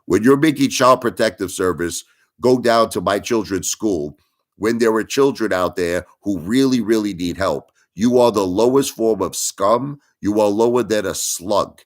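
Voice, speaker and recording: A deep-voiced middle-aged man hosting a livestream. He rants with indignation, circles back on his points and keeps pleading with his viewers to listen. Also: moderate pace. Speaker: livestream host. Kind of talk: ranting livestream monologue.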